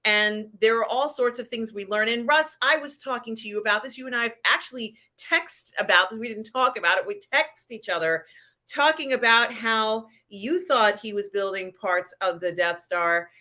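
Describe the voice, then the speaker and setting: Bright-voiced woman hosting a chatty livestream. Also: on the high side, moderate pace. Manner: rambling, many fillers, giggly. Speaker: host. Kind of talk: casual live-stream pop culture chat.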